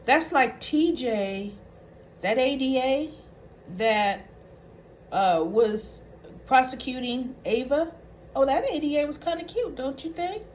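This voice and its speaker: Slow, opinionated woman recapping a soap. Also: sits high, expressive, a little mellow, slight background noise, poor audio. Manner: chatty, opinionated, acts out lines while retelling scenes. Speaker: soap opera recap host.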